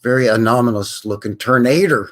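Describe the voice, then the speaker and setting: A man's voice: mid-range voice, a little fast, fairly bright tone. A man with a Canadian accent, hosting a livestream in a rambling, chatty way and often correcting himself. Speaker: host. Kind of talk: casual livestream commentary.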